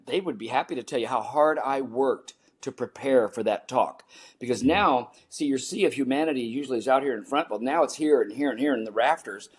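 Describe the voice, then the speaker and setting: Animated older American man telling stories. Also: mid-range voice, husky. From United States. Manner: animated storyteller, acts out his own panicked voice. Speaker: guest, performance coach. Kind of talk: storytelling interview talk.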